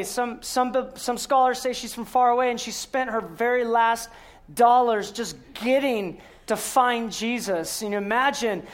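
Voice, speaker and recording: A man giving a sermon, telling the story with rhetorical questions and earnest emphasis, sometimes dropping to a hushed voice. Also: very high voice. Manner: storytelling, asks rhetorical questions and answers them. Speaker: guest speaker.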